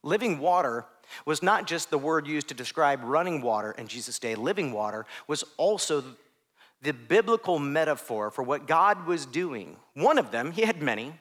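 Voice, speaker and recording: Lively high-voiced male preacher. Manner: conversational, dips to soft hushed phrases; self-deprecating asides. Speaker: pastor. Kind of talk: sermon.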